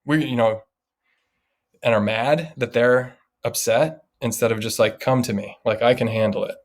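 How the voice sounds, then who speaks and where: A man in his thirties telling a story in a casual podcast chat, animated and laughing as he goes. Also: mid-range voice, normal speed. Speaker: podcast co-host.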